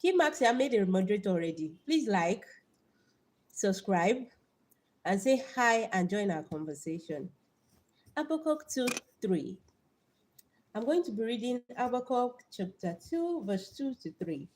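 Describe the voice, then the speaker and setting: The young Nigerian woman speaks at medium pitch and a measured pace as she hosts her live stream, offering motivation drawn from the Bible. Lively and repetitive, she calls out viewers by name in her Nigerian accent.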